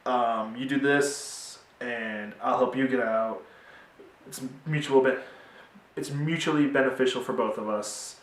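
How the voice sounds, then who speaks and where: A man voicing a volatile, hulking crime boss, loud and menacing, recorded in a roomy space away from the mic. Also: mid-range voice, measured pace, distant mic, lightly acted. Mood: scheming. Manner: shouting, raging.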